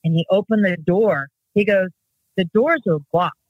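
A woman's voice: lowish voice, moderate pace, no room sound, muffled recording. Give me a woman telling a long family story casually, correcting herself, with a dry close sound. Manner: rambling, self-correcting, acts out quotes.

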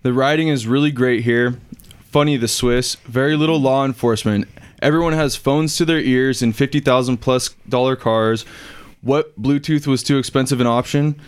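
A man co-hosting a podcast, reading a listener's email aloud in a dry, even way. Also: mid-range voice, normal speed, clean tone.

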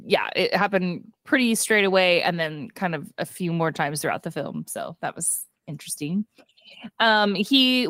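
A woman's voice: on the low side, smooth, no room sound, clean studio sound. A woman co-hosting a casual movie review podcast. She retells scenes chattily, acts out the characters' lines, and laughs often. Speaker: podcast co-host.

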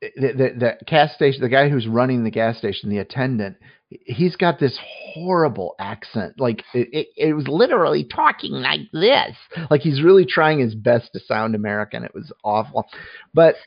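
A man's voice: mid-range voice, moderate pace, no room sound, highs cut off. A man casually reviewing a movie on a podcast, talking in a rambling way with many restarts and fillers.

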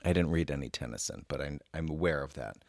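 A man's voice: very deep voice, fast talker, darkish tone, dry recording. A man co-hosting a podcast, chatting casually with short, dry replies and reading an old advice column aloud. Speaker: podcast co-host.

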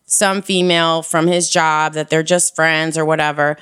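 A woman frankly telling a personal story in casual conversation, animated and full of slang. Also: sits low, normal speed, clean tone.

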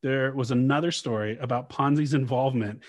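A man's voice: medium pitch, a little fast, dry recording. A man hosting a podcast, telling a story in casual chat and reading old quotes aloud with frequent laughs. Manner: reads archival quotes aloud, laughs often. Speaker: podcast host.

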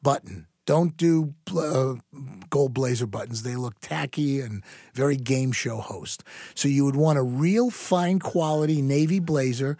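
A man's voice: mid-range voice, unhurried, dark tone, no room sound. Middle-aged guy cohost, teasing, explains like a pro, dry close sound. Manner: teasing, wisecracking, then explaining like an expert. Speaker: co-host. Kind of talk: casual podcast chat.

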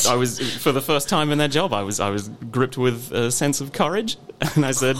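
A man's voice: medium pitch, expressive, normal speed, a bit bright, a little hiss or hum. A man co-hosting a podcast, telling a work story in a dry, casual way. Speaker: podcast co-host. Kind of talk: casual chat.

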